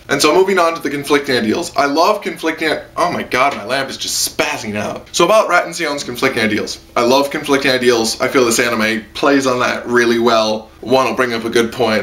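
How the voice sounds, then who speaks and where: A young man chatting through an anime review from his room, loose and rambling with plenty of filler. His voice is bright and a little sharp, pitched in an ordinary middle register. He jumps into high squealed voices when quoting characters. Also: brisk, few pauses. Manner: rambling, excitable, lots of "like" and squealed quoted voices. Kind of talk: casual spoken review. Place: room at home with a lamp.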